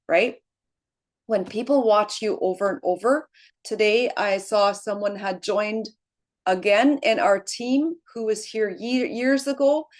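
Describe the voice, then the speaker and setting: A middle-aged woman speaks to her team in an easygoing, encouraging way. She talks conversationally, checks in with a quick "right?" and laughs often. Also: mid-range voice. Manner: encouraging, frequent "right?" tags, laughs easily. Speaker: team leader. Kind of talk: motivational team call.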